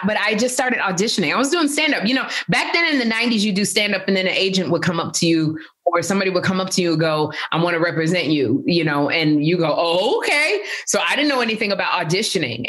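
A middle-aged woman, a guest, telling animated stories in a casual interview and laughing often. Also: fairly low pitch.

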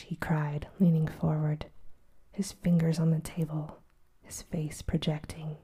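A woman narrating a classic novel as whispered role-play, soft and measured. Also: sits low, little pitch movement, breathy edge.

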